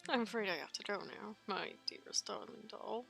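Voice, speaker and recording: A woman's voice: medium pitch, normal speed, gravelly, a bit bright, faint music behind. A woman voicing a shy, sensitive male spirit suitor in a game playthrough, earnest and apologetic. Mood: tender. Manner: earnest, apologetic, tearful pleading.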